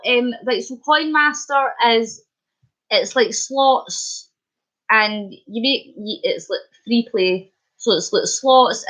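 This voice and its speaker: A Scottish woman chatting casually on her live stream, bubbly and quick to laugh. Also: mid-range voice, fairly bright tone. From Scotland. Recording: dull lo-fi stream audio.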